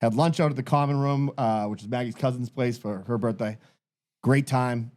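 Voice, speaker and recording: A man's voice: mid-range voice, moderate pace, darkish tone. A man in his thirties co-hosting a podcast, ranting in a tired, exasperated way and swearing constantly. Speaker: podcast co-host. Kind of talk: casual chat.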